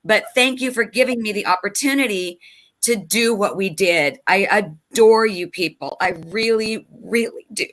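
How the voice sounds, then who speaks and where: A woman's voice: mid-range voice, normal speed, a bit bright. A woman guest speaking with heartfelt emotion about her old friends.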